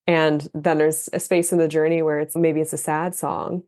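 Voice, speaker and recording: Low-voiced woman coach, earnest and reflective. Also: little pitch movement, normal speed, a little mellow. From Florida. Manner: earnest, reflective, loose with fillers. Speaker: guest, dance facilitator and coach. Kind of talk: conversational interview. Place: West Palm Beach.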